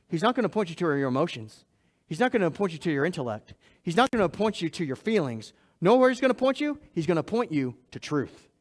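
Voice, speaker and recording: High-voiced pastor preaching with emphasis. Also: male voice. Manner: emphatic, repeats key phrases, swings from loud to hushed; laughs at himself, talks to the congregation directly. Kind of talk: sermon. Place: church.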